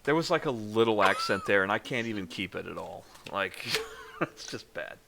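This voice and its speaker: A man's voice: on the low side, very animated, normal speed, vocal fry, noisy background. A man narrating as game master of a tabletop game in a joking, self-deprecating way.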